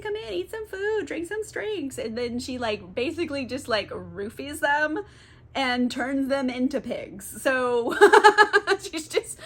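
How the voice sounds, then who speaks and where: A young woman, tipsy, summarizing a book in a giggly, swearing, casual way, full of "like". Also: fairly high pitch. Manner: giggly, swears a lot, filler-heavy. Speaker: book channel host.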